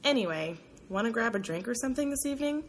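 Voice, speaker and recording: A woman's voice: a little high, animated, fast talker, slight background noise, pitched above the performer's own voice, close to an everyday voice. A woman reading an audiobook, voicing an easygoing young man who speaks with an unconvincing nonchalance. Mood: casual.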